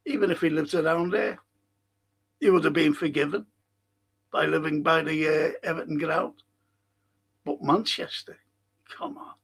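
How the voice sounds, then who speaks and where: High-voiced Scouse man ranting. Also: vocal fry, husky. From Liverpool, England. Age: older. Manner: passionate, ranting, swinging between loud outbursts and low muttering. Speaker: podcast host reading chat. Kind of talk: casual live-stream chat.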